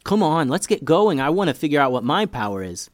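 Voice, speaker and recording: A dramatic young boy in a children's audio story, his voice pushed high and loud as he panics and exclaims. A man acts him out with lively ups and downs in a dry, close sound. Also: fairly quick, dry recording. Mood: amazed. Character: excitable boy, a bit dramatic and jumpy.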